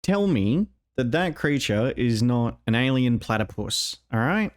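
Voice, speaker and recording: Excitable Australian man, dry close sound. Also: medium pitch, measured pace, no room sound. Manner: enthusiastic, rambling, fond of "like". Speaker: gaming video host. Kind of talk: excited trailer breakdown commentary.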